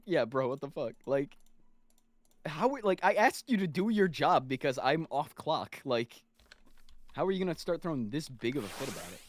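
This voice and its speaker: A man's voice: on the high side, background noise. A man in his twenties, swearing freely as he tells an exasperated story in a casual chat while gaming. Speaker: streamer's guest.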